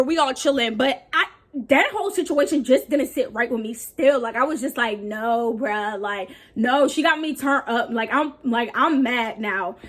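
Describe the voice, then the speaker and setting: A young woman tells a story to her viewers in loose, slang-filled talk. She is animated and keeps acting out what others said. Her voice sits a little on the high side. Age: young adult. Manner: animated, slangy, acts out quotes. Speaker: vlogger. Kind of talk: casual storytime.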